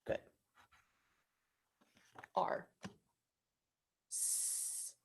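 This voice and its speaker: A female teacher gives a recorded phonics lesson to young children, speaking very slowly as she spells words out letter by letter and claps out their syllables.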